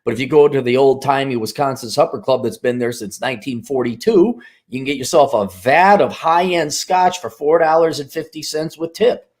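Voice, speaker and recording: A man's voice: mid-range voice, normal speed, darkish tone. A man talking bluntly and sarcastically in a casual monologue, rambling. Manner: sarcastic, acts out mock voices. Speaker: commentator.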